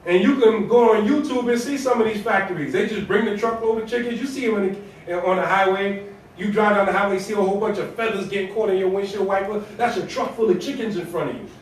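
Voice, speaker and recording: A man's voice: sits high, quick pace, a little hiss or hum. A man giving a Friday sermon as imam, preaching in a colloquial, conversational way with rhetorical questions and repetition. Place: mosque prayer hall. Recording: echoey hall, voice from far off.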